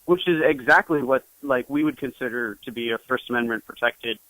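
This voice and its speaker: A young man, a journalist guest, talking in an interview in a halting way with many restarts. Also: mid-range voice, a bit bright, no echo, rough recording. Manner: hesitant, full of restarts. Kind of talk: interview conversation.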